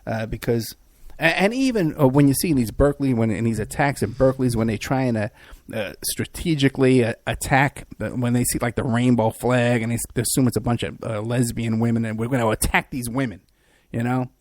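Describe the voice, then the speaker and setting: A man's voice: mid-range voice, fairly quick, a little mellow, dry recording. A man hosting a podcast who also works as a private investigator. He talks in a rambling, sarcastic way, with many fillers and restarts. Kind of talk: casual mocking commentary.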